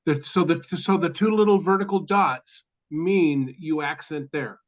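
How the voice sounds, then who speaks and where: A man's voice: a little high, measured pace, dull audio. A man taking an online class who asks questions hesitantly, restarting as he goes. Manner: hesitant, restarts while asking. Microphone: video call.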